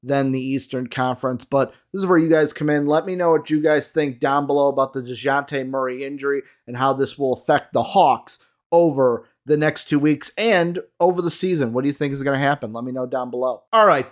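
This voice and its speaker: A young man hosting a casual solo basketball talk show, chatty and addressing his viewers directly. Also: a little high. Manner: chatty, lots of fillers, talks to viewers. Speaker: sports show host.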